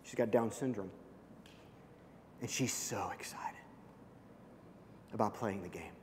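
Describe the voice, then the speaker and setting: A man preaching through a story, lively at times and dropping to a hushed near-whisper at the tender moments. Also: on the low side, takes it slowly, slight background noise. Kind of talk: storytelling sermon. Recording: long hall reverb.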